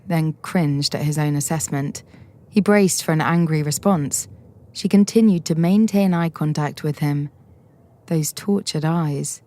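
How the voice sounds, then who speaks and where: Woman narrator, steady storytelling, warm and somewhat low voice. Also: unhurried. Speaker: audiobook reader.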